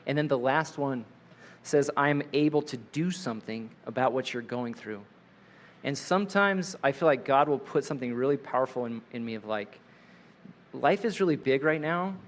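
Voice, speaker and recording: Guy guiding a breathing prayer, soft and gentle, slows way down on the repeated line, mid voice. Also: mid-range voice. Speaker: leader of a guided prayer session. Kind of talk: guided breathing prayer talk. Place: live in front of a group.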